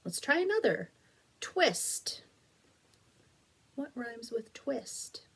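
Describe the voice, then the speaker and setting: A woman teacher giving a recorded phonics lesson to young children, encouraging and patient, drawing words out slowly as she claps syllables. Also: fairly high pitch, very animated, creaky, a bit bright, breathy edge. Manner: slow, stretched-out clapping of syllables.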